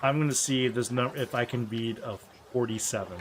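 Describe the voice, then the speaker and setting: A man's voice: medium pitch, a little fast, a little hiss or hum. A man narrating a tabletop game as game master, casual and laughing often. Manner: casual, laughing, hesitant with fillers.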